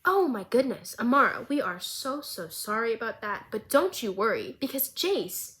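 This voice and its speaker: Polite female councillor, sweet customer-service tone, soft and measured, as a young woman puts her on. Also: fairly high pitch, very animated. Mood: soothing.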